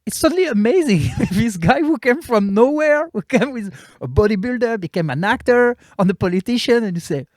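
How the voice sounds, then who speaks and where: A young man with a French accent, a comedian chatting in halting non-native English and laughing often. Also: very high-pitched, lively intonation, darkish tone, no echo, studio quality. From France. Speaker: guest comedian. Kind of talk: casual chat.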